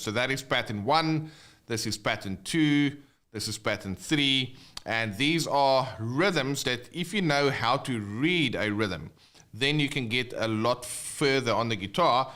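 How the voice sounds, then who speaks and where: A man's voice: mid-range voice, sharp tone. A man teaching an online guitar lesson, explaining in a casual way with fillers and restarts.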